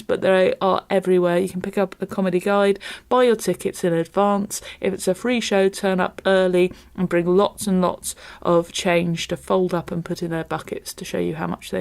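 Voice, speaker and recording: A woman's voice: medium pitch, gravelly, a little mellow. A woman podcast host chattily running through show announcements with enthusiasm.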